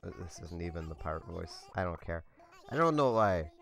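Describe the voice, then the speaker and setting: A man casually commentating as he plays a video game, in a dry, self-described monotone manner. His pitch still moves around more than he claims, with lively rises and dips. Faint game music sits quietly under his voice. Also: brisk, gravelly. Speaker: let's play host.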